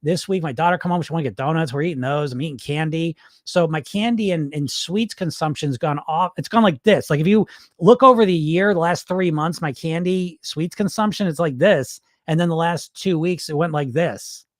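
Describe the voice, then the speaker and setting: A man's voice: fairly high pitch, moderate pace, dry recording, studio quality. A man coaching weight loss in a casual livestream Q&A, blunt and loose, swearing now and then and checking in with "right?".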